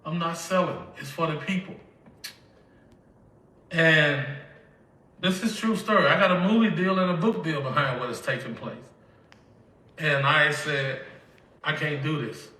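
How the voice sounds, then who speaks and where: With long pauses and an unhurried pace, this emotional older man from Mississippi tells his life story through tears, voicing the conversations he recalls. His Southern-accented voice is on the high side with a sharp tone, captured from afar in an echoey room.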